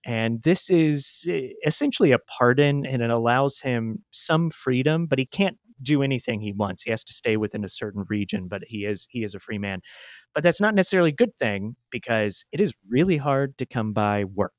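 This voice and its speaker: A man's voice: medium pitch, expressive, moderate pace, no echo, studio quality. A man with a Midwestern American accent, hosting and telling a true story in a chatty, self-deprecating way. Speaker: podcast host. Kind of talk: casual storytelling chat.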